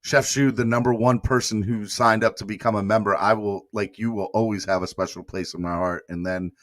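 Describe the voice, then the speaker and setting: A man's voice: on the low side, fairly even intonation, fairly quick, a bit bright, no echo, clean studio sound. Emotional man hosting a live fan show. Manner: emotional, rambling, reads viewer comments aloud. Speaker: host of a fan morning show. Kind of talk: casual live-stream chat.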